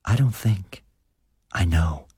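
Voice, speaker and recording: A man's voice: sits low, expressive, slow pace, mellow, breathy edge, dry recording, studio quality, exaggerated voice. A man voicing a bitter, thin, cold rural farm wife who speaks bluntly in rustic speech, read as an audiobook character. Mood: scornful.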